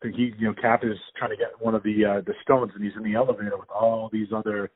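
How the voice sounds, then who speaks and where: A man with a somewhat low voice chats eagerly over a phone line, rambling and restarting his sentences. The sound is dry and thin, like a tinny phone call. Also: little pitch movement, fast, breathy edge, no echo. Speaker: podcast host. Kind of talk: casual phone chat.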